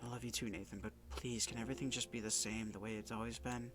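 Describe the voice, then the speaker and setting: A man's voice: medium pitch, flat delivery, lightly acted. A man reading as a sad, self-loathing teenage girl. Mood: sad, hesitant. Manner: soft, hesitant, halting. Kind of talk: game dialogue read aloud. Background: background music.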